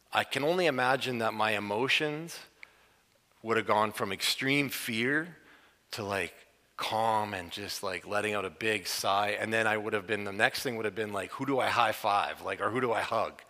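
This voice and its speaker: A man preaching a sermon, telling a Bible story in a lively way and acting out the characters' panic. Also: lowish voice, unhurried, long reverb tail. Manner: animated storytelling, acts out the disciples' panic.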